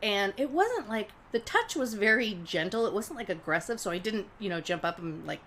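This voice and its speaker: A woman's voice: mid-range voice, normal speed, a little hiss or hum. A woman co-hosting a podcast, chatting casually, swearing and laughing as she tells stories. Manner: laughs often, swears casually, animated storytelling. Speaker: podcast co-host. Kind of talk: casual chat.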